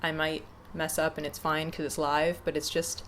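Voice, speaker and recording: A young woman in her twenties talking to camera off the cuff, hesitant and reflective, with many pauses and restarts. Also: sits low, flat delivery, a bit bright, a little hiss or hum. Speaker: YouTuber. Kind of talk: casual unscripted talk to camera.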